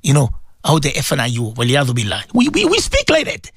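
Man, radio preacher, emphatic, repetitive, lively pitch, dry close sound. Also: fast, gravelly, slightly rough, no echo. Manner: emphatic, repeats phrases, rhetorical questions. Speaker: Islamic preacher and radio host. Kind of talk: radio sermon.

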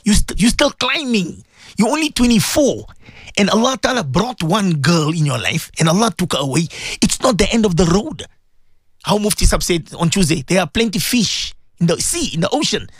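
A man's voice: high-pitched, expressive, normal speed, slightly rough, no room sound, clean studio sound. A man hosting a radio talk show as a Muslim cleric, telling a story with emotion and religious phrases.

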